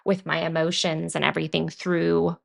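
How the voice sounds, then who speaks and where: Woman, podcast co-host, gravelly fry, earnest, casual chat. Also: deep voice, flat delivery, moderate pace. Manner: earnest, explaining at length with many "like"s. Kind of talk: casual conversation.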